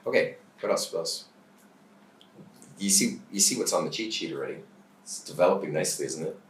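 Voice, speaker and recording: Man, very low voice, chatty coach, mic well off, echoey room, faint background noise. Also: brisk, recorded from a distance. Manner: loose, chatty, checking in with "right?". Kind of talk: teaching a bootcamp session.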